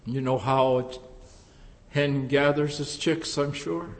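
A man preaching a sermon, pleading with passion, swelling loud and then dropping to a near hush. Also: mid-range voice, fairly even intonation, slow pace, long reverb tail.

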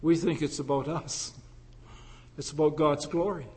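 A male pastor preaching a sermon with passion, swinging from loud declarations to hushed, intimate lines. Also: a little high, steady tone, a little slow.

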